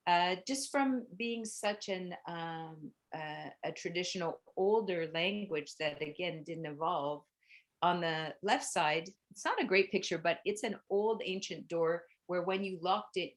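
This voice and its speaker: A middle-aged woman, a bike tour guide and language teacher, giving a chatty, explanatory virtual tour presentation with frequent "um" and "like". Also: sits low.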